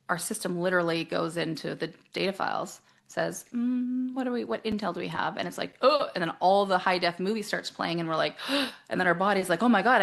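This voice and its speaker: A woman coach talking casually in an interview, animated, acting out quoted voices and laughing often. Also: lowish voice.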